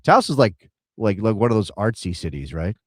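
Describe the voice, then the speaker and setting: A man's voice: on the low side, big pitch swings, a little fast, no room sound, studio quality. A man co-hosting a casual soccer live stream, chatty and rambling as he reads out viewer names. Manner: rambling, chatty, thinks aloud while reading chat names. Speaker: soccer show co-host.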